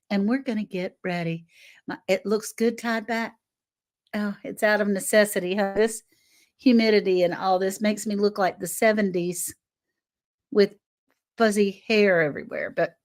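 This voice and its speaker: An older woman hosting a live stream, chatting with viewers by name and reading a short piece aloud. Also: medium pitch. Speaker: livestream host. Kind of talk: casual livestream chat and reading aloud.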